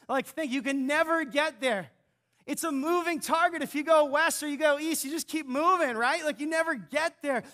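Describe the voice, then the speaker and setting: Man, pastor, sermon in a church, very high voice, bright and forceful, hushed to shouting. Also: expressive, moderate pace. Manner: storytelling, swings from hushed to shouting.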